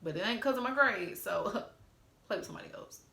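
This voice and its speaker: A storytime vlogger in her twenties talks straight to her viewers in a casual storytime, retelling events in a sassy, profane, exasperated way. Her medium-pitched voice is animated, brisk and sharp with vocal fry, and the recording has a roomy echo.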